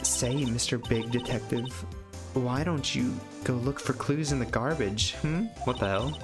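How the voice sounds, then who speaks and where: Catty young woman witness, high sarcastic falsetto, played by a man reading a game. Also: a little slow, lightly acted. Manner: sarcastic and teasing. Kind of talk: reading game dialogue aloud. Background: video game music.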